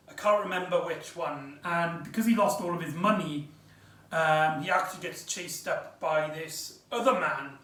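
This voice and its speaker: High-voiced man rambling through a review. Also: a bit bright. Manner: rambling, hesitant, many ums and restarts. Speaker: audio drama reviewer. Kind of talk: casual review monologue. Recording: echoey room, far from mic.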